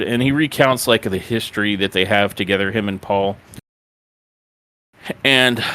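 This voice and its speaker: Low-voiced male podcast host recapping. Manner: animated storyteller, acts out quotes. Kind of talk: recapping a wrestling show.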